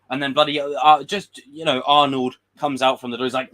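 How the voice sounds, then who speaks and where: In a mid-range, level voice with a bit of brightness, a male livestream host wanders through frank, foul-mouthed film takes. He slips in quick impressions as he rambles.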